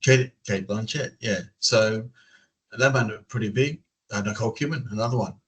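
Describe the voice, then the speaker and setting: A man's voice: lowish voice, normal speed, fairly bright tone, rough recording. A man from Australia with an Australian accent, chatting loosely in an interview, full of fillers and restarts. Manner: rambling, many fillers and restarts. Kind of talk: casual interview chat. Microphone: video call.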